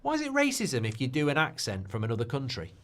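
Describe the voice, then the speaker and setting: Chatty stream host guy, mid pitch, really bouncy up and down, ranty, keeps going "haven't they?". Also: wildly swooping pitch, fast, a little hiss or hum. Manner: chatty and opinionated, full of tag questions like "haven't they?"; gets heated and ranty when making a point. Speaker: host of a live football watchalong stream. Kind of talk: casual live-stream chat reacting to viewer messages.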